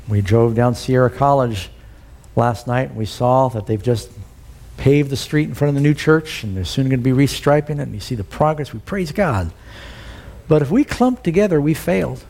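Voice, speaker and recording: A man's voice: a little high, mellow. A man preaching a sermon, telling a story and putting questions to the congregation. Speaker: pastor.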